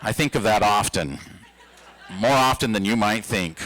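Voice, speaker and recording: A man in his fifties performing a stand-up comedy routine, telling stories with a playful, animated delivery. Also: lowish voice, moderate pace, some chatter behind, poor audio. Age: 50s.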